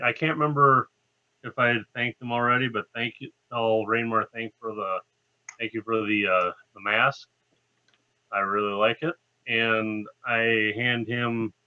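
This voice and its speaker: Bright-toned man playing a tabletop game. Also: mid-range voice, lo-fi sound. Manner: hesitant, halting. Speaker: player. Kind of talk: casual play talk.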